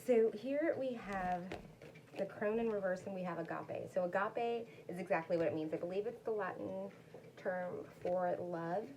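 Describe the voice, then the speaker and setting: A woman with a mid-range, slightly mellow voice gives a casual, rambling tarot reading at a moderate pace, chatting with her viewers and talking to her dog between cards. The audio is poor, with slight background noise.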